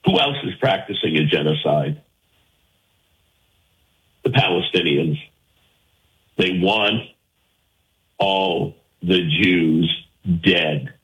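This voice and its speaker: A man's voice: low-pitched, takes it slowly, pauses often, fairly bright tone, poor audio. A man hosting a call-in radio show, arguing his point emphatically and firing rhetorical questions at his listeners. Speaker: talk radio host.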